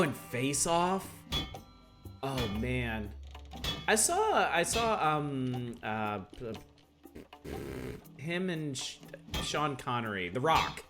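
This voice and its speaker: Lively chatty man streaming a game. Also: medium pitch. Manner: chatty, rambling, laughs often, greets chat by name. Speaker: streamer playing a video game. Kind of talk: casual live-stream chat with viewers. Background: game music.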